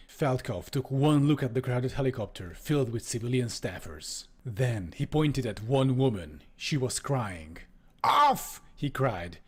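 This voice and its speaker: A man reads a book aloud on a stream and breaks off for casual, profane commentary full of laughter. His voice sits at a middling pitch. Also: a little mellow.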